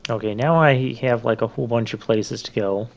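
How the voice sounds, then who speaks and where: Guy doing lets play commentary, gravelly voice, kinda muffled lo-fi mic, rambles a lot. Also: mid-range voice, moderate pace. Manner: rambling, chatty, full of "like" and restarts. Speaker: let's play host. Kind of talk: casual gameplay commentary.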